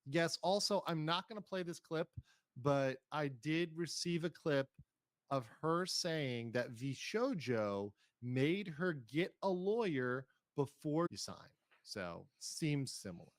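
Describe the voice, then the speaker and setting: A man's voice: fairly high pitch, animated, slow pace, dry recording, clean studio sound. A man hosting a stream, commenting on clips and reading chat aloud in a careful, hedging way. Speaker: streamer host. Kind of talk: casual commentary reacting to clips.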